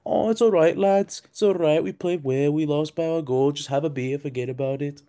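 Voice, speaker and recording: Man doing a breezy, dismissive Manc coach, pitched high and loud. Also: normal speed, lightly acted. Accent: Manchester, put on.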